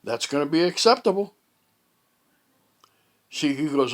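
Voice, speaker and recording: Guy rambling through a story at home, kinda high voice, talks slow, lots of uh and restarts. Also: lively intonation, fairly bright tone. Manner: rambling and halting, with many fillers and restarts. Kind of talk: casual storytelling monologue. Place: at home, indoors.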